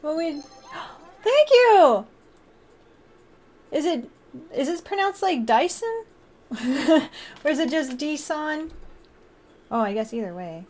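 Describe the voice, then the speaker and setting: A woman's voice: high-pitched, expressive, a little slow, pauses often, darkish tone. A woman streamer chatting casually on a live stream, bubbly, often gasping and laughing as she thanks her viewers.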